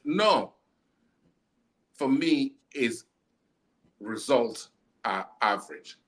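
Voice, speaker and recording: A man's voice: mid-range voice, lively intonation, normal speed, fairly bright tone. A man hosting a casual football chat, ranting bluntly and repeating himself as he argues.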